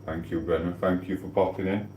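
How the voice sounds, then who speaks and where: A man with a lowish voice chats away to his live-stream viewers in an easygoing, rambling way, often asking if they know what he means and breaking into laughter. His voice rings a little in a roomy home kitchen, with a faint hum of background sound behind him. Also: little pitch movement, brisk, warm tone. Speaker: livestreamer chatting with viewers. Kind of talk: casual live-stream chat. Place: home kitchen while cooking.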